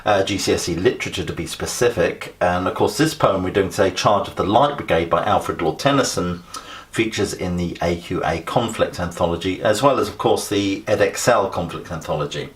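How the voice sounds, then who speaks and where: A man with a low voice leads an exam revision lesson on poetry. He talks in a loose, conversational way, pausing on fillers and restarting his sentences. He sounds middle-aged and steady, like a teacher walking students through a text. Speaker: English literature teacher.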